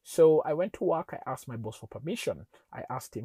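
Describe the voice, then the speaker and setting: A man teaches through a personal story, animated and acting out the scenes. His voice is husky at an ordinary pitch, and the dry, close recording has no room sound. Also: fairly quick, few pauses, no room sound. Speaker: relationship teacher. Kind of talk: storytelling lesson.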